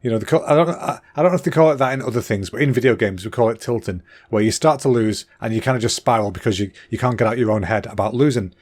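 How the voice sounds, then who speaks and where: Chatty, excitable northern man. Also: medium pitch, quick pace, few pauses. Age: 30s. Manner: chatty and excitable, with fillers and restarts. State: slightly out of breath and throat-clogged. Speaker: podcast host. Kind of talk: casual solo podcast rambling.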